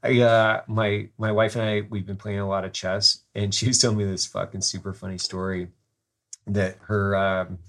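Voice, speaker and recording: A man's voice: on the low side, little pitch movement, moderate pace, fairly bright tone. A man hosting a podcast, telling a rambling story and swearing freely in casual chat.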